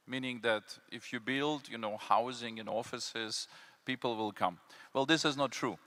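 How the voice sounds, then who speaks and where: A man's voice: medium pitch, moderate pace, a bit bright. Emphatic man. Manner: emphatic, repeats key words, many fillers. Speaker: panelist, city development consultant. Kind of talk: conference panel talk. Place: conference hall.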